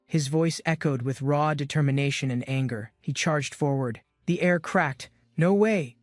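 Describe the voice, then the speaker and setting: A man's voice: mid-range voice, fairly even intonation, moderate pace, no room sound, soft background music. Man narrating a comic recap, dry sound.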